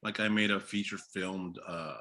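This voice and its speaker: A man's voice: deep voice, fairly even intonation, normal speed, sharp tone. A man, a filmmaker guest, chatting casually and animatedly in an interview, laughing and acting out his own past thoughts. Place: Los Angeles area.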